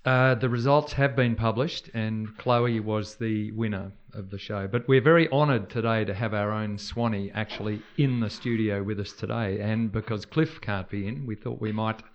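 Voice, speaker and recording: A man's voice: fairly low pitch, fairly even intonation, normal speed, hardly any pauses. A man hosting a radio show in an easygoing, dryly witty way. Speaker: radio host. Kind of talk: casual radio chat. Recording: slightly muffled radio audio.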